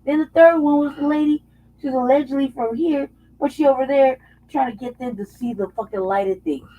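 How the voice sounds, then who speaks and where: A woman's voice: high-pitched, brisk. A woman talking heatedly and profanely in a casual political chat, often mocking others in put-on voices. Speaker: co-host. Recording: dull lo-fi audio.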